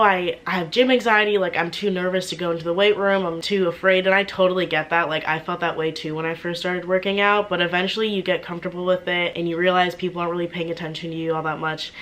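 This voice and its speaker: A woman's voice: fairly low pitch, steady tone, quick pace, few pauses, fairly bright tone. A woman in her twenties, a singer, chatting casually in a vlog with lots of "like" fillers. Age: 20s. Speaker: vlogger and singer.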